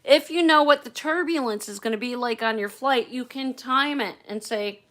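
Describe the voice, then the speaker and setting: A woman's voice: sits high, normal speed, few pauses, a bit bright. A woman chatting candidly on a casual livestream from her phone at home, swearing freely as she talks. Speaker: livestream host.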